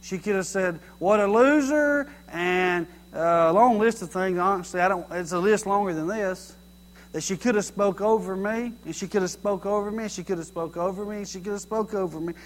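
Animated high-voiced man preaching. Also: brisk. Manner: animated, folksy, mocking everyday sayings. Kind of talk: sermon.

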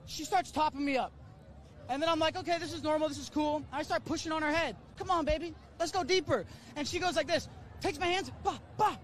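A man in a street interview clip, telling a crude story in an animated way. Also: very high voice, brisk. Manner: animated, crude, builds to shouting. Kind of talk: storytelling anecdote.

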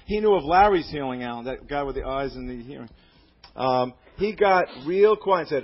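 A man's voice: a little high, brisk, slightly rough. A man preaching on the radio, reading a letter aloud in an earnest, fervent, praising manner. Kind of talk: sermon reading a listener's letter. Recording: dull lo-fi radio broadcast.

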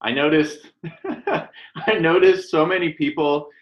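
A man's voice: fairly high pitch, takes it slowly. Male podcast co-host, profane and giggly, slightly muffled recording. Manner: profane, laughs through his sentences. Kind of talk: casual chat. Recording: dull lo-fi mic.

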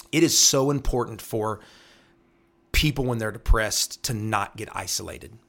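An earnest man talks through the scripture as a pastor. He repeats key phrases and checks in with a quick "right?" as he works through each verse. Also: lowish voice, creaky, fairly bright tone. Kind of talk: devotional Bible teaching talk.

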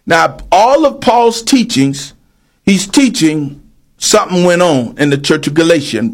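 A man with a high-pitched voice preaches with force and presses each point hard. He reads scripture aloud, then breaks it down for his listeners. His delivery swells to shouts when he drives a point home. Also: expressive, a little slow. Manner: emphatic, rising to shouts on key points. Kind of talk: sermon.

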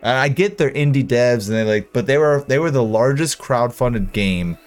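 A man's voice: mid-range voice, lively intonation, moderate pace, faint music behind. A man co-hosting a casual gaming podcast, ranting with plenty of profanity. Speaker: podcast co-host.

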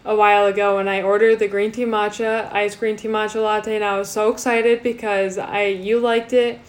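A young woman co-hosting a casual podcast, chatty and quick to laugh, with casual swearing. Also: mid-range voice, fairly even intonation. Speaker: podcast co-host. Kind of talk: casual chat.

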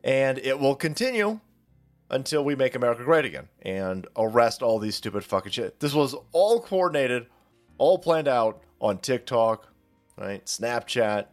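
A man rants through political commentary, swearing freely and dripping with sarcasm. His pitch sits in an ordinary middle range, and faint music plays quietly behind him. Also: animated, moderate pace. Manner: profane, sarcastic and mocking. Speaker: commentary channel host.

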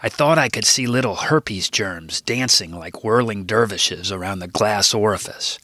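A man reading his own book aloud in a wry, deadpan narration. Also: fairly low pitch, unhurried, few pauses, no echo, clean studio sound. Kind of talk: audiobook narration.

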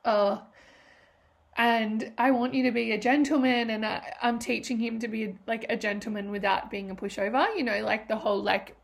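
A woman's voice: on the high side, fairly even intonation, moderate pace, vocal fry. Aussie woman in her 30s on her own podcast, rambly and emotional, swears a lot. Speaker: podcast host. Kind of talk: casual solo podcast talk.

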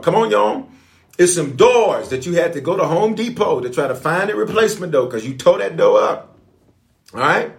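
A man preaching as a pastor, in a lively call-and-response sermon style. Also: a little high. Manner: call-and-response, animated, playful.

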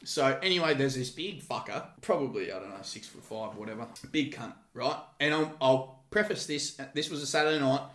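A man's voice: mid-range voice, expressive, fairly quick, few pauses, fairly bright tone. A man in his thirties with an Australian accent telling profane, brash security stories in a casual podcast chat. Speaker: podcast guest, former security guard. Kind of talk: casual storytelling. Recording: echoey room.

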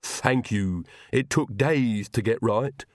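A man voicing an earnest, stitched-together male castle servant with a low mumble. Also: takes it slowly, no echo, clean studio sound, natural voice.

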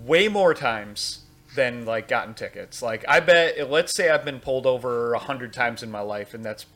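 A man's voice: mid-range voice, expressive, moderate pace, a bit bright. A man hosting a podcast, telling stories in a rambling, candid way. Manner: rambling, restarts, candid storytelling. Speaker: podcast host. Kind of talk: casual chat.

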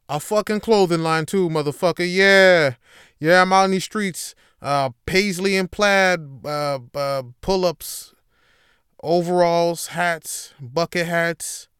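A man hosts his own podcast with a loose, joking, profane monologue. He jumps from loud, hyped bursts to low, mumbled asides. His voice sits a bit high and sounds smooth and clear, close to the mic in a dry space. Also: dry recording. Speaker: podcast host. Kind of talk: rambling comedic monologue.

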